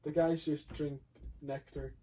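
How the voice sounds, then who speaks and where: Young male co-host, high and bouncy voice, playful and jokey, audible background noise. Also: flat delivery, unhurried. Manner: playful, laughs a lot, jokey outbursts. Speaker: podcast co-host. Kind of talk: casual chat.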